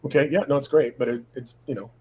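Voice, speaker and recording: A man's voice: mid-range voice, steady tone, fast, warm tone, slight background noise, rough recording. A middle-aged man sharing a personal testimony from his home office, talking in a rambling, casual way with many fillers and quoted dialogue.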